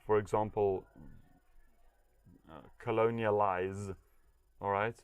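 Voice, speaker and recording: A man, an English teacher, answering interview questions in a relaxed, hesitant way with many fillers and light laughs. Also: on the low side, takes it slowly, clear, resonant tone, no room sound.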